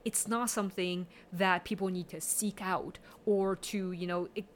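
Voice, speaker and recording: A woman's voice: on the low side, fairly even intonation, normal speed, slight background noise. A woman talking casually and analytically about movies, with plenty of fillers. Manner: chatty, analytical, many fillers. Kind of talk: casual film discussion.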